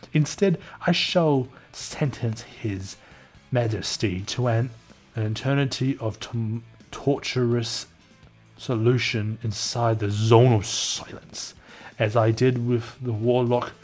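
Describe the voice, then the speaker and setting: A man's voice: on the low side, a little mellow, husky. A man voicing a scheming villainous mad scientist in a comic reading, gloating and pompous.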